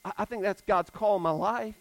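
High-voiced man preaching conversationally. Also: a little fast, no room sound, poor audio. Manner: conversational preaching with casual fillers; swings between emphatic and hushed. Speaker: pastor. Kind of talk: sermon.

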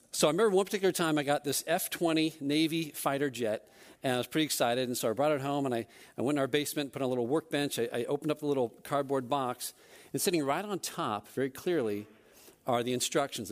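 A man, a church elder, telling a personal story during a service in a self-deprecating, animated way. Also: medium pitch, fast talker.

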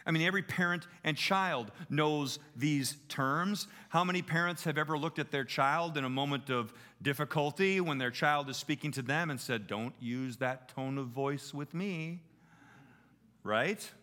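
A middle-aged man preaching a sermon in an emphatic way, often slowing down for stress. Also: a little high. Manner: animated, emphatic, shifting pace.

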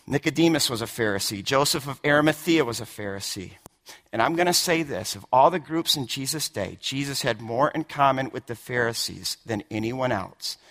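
A man preaching a sermon with emphasis, often repeating words and swinging from hushed lines to shouted ones. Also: medium pitch, lively intonation, moderate pace. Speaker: pastor.

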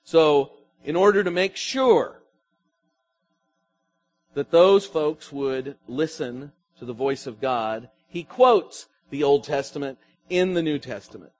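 Man, pastor preaching, higher voice, swelling and dropping emphasis, soft music behind. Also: animated, slow pace. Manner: preaching with swelling and falling emphasis, asking the congregation questions. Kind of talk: sermon.

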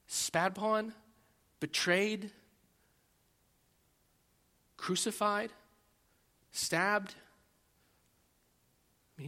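Man, pastor, sermon, animated, loud acted-out prayers, restarts, slightly high voice, long hall reverb. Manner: animated, acts out prayers with loud rising pleas, frequent restarts.

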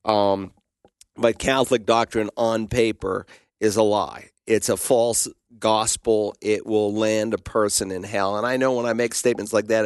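A man's voice: fairly low pitch, no echo, studio quality. A man teaching the Bible on a radio call-in show, answering questions in an emphatic, preaching manner.

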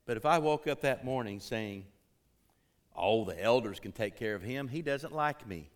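A man preaching a sermon to his congregation, emphatic, rising to urgent peaks and dropping low, calling out for responses. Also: animated, normal speed. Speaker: pastor.

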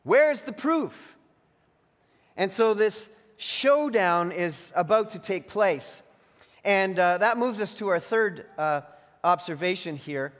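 A man with a high-set voice delivers an earnest, teacherly sermon at an unhurried pace, pressing hard on the phrases he wants remembered. His words ring out with the long reverb of a large church hall. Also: expressive, fairly bright tone. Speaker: pastor.

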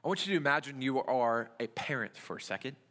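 A man's voice: medium pitch, expressive, quick pace, a bit bright. A young adult man, a youth pastor, preaching a conversational sermon full of rhetorical questions in a church. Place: church sanctuary. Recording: church hall reverb.

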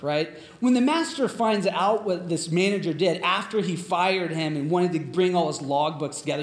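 High-voiced preacher in an echoey room. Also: male voice. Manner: conversational, storytelling, many fillers. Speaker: pastor. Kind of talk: sermon.

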